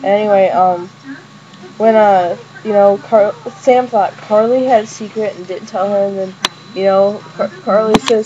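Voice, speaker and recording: Young woman vlogger, excitable rambling fan review, muffled lo-fi mic with light hiss. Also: medium pitch, measured pace. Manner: rambling, excited, many fillers and restarts. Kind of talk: casual episode review. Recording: dull lo-fi webcam audio with faint noise.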